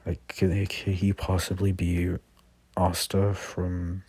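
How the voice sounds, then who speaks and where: A man's voice: low-pitched, completely flat delivery, slow pace, mellow, breathy edge, full character voice. A man voicing a young male rival's hesitant inner thoughts. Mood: puzzled.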